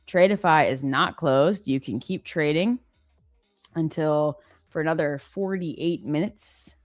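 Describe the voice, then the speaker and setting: A woman's voice: sits low, slow pace, no echo, clean studio sound, soft background music. A woman hosting a live trading stream, chatting casually, reading viewer comments and laughing often. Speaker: livestream host.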